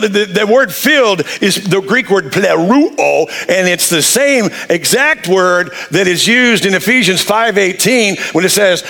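A man preaching a sermon, animated and jokey, acting out the people he quotes. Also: high-pitched, a little slow, creaky, hardly any pauses. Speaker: pastor.

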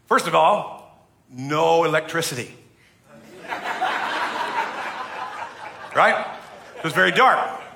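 Middle-aged American pastor, bright forceful voice a bit high, jokey preaching, acts out quotes. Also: male voice. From United States. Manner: humorous, chatty preaching with acted-out quotes. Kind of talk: sermon.

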